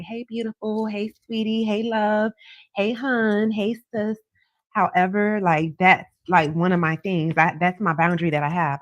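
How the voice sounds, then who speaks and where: A woman's voice: mid-range voice, no echo. A woman hosting a casual livestream, talking to viewers in a chatty, emphatic way and repeating her points as she gives advice. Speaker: psychic tarot reader livestream host.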